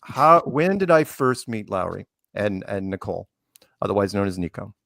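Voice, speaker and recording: A man's voice: on the low side, big pitch swings, normal speed, gravelly, fairly bright tone, no echo, clean studio sound. A man hosting a casual talk show, telling a teasing made-up story about his guests. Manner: teasing storyteller, quotes people in put-on voices. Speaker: podcast host. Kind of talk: casual chat.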